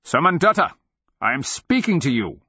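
A bewildered old wizard with a deep, low voice that halts and stumbles over his words, as a male narrator plays him. The reading is dry and slightly dull, with no room sound at all. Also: a bit bright, slightly rough, no echo, full character voice. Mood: baffled halting. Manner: halting, baffled.

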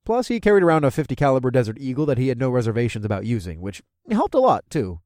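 Male audiobook narrator, casual and chuckling, medium pitch, dry close sound. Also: big pitch swings, fast, darkish tone, dry recording. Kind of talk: first-person audiobook narration.

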